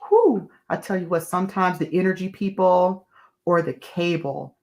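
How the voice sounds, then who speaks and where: Low-voiced woman chatting animatedly. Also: moderate pace. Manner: animated, candid storytelling. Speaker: podcast guest. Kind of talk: casual chat.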